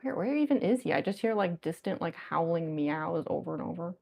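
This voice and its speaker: A woman artist chatting casually on a livestream while she draws at home, talkative and quick to giggle. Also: on the low side, lively intonation, creaky, a little mellow. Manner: chatty and giggly, with frequent laughs.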